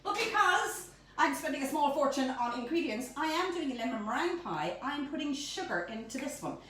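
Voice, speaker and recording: A chatty middle-aged woman with a high, lively voice that jumps all over the place. She talks through a live baking demo in her home kitchen, caught on a phone held some way off, with a lot of room echo and faint noise behind. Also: fairly quick. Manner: bubbly, chatty and animated. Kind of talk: live-streamed cooking demonstration. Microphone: phone camera held by a helper at a distance. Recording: echoey room, phone mic from far off.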